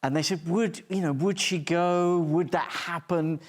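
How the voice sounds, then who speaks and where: A man's voice: a little high, steady tone, a little slow. A man on a talk show telling a rambling, self-deprecating story with many restarts. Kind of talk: anecdote telling.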